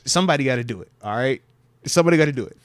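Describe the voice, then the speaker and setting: Lively slangy man talking sports. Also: mid-range voice, very fast, no room sound. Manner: animated, slangy, repeats phrases. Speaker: podcast co-host, former player. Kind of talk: casual sports chat.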